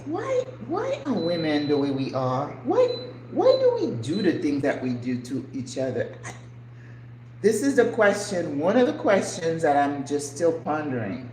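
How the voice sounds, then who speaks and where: A mellow, low-pitched woman's voice, unhurried and with wildly swooping pitch. She's an older channel host chatting casually while she cooks in her home kitchen, earnest and emotional and fond of rhetorical questions. The space sounds echoey, with faint ambient noise.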